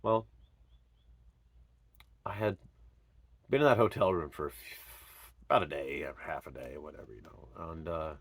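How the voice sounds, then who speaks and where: A man telling his own story in an earnest, emotional way, swinging from loud pleading to hushed murmurs. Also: extremely low pitch, normal speed, long pauses, slightly rough, no echo. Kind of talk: personal storytelling monologue.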